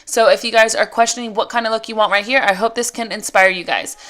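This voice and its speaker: A woman's voice: fairly high pitch, fairly even intonation, fast, fairly bright tone. Chatty woman narrating a makeup tutorial. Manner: chatty, explains each step as she goes. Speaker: makeup artist. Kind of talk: casual tutorial voice-over.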